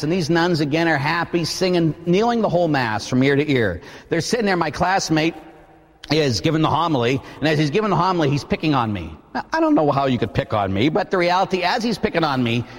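Animated priest preaching in a reverberant church. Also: male voice, on the high side. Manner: animated storytelling, preaching with emphatic questions. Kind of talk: sermon.

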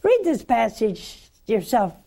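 Older woman on a religious call-in show, slow, mellow, pleading, coaxing the caller along. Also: on the high side, very animated, gravelly. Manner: slow, warm pastoral counseling, emphatic and coaxing. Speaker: religious TV host taking calls.

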